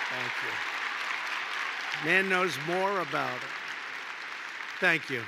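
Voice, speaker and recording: A man's voice: fairly high pitch, noisy background. A man giving a rally speech as a politician, rambling and repeating himself, piling on superlatives. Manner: rambling, repetitive, heavy on superlatives. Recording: long reverb of a large hall.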